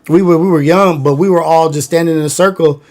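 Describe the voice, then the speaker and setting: A man's voice: a little high, fairly even intonation, fairly quick, darkish tone. A man from Long Beach, California, telling wild stories from his youth in loose, slangy livestream chat full of fillers. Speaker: livestream host. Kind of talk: casual storytelling livestream.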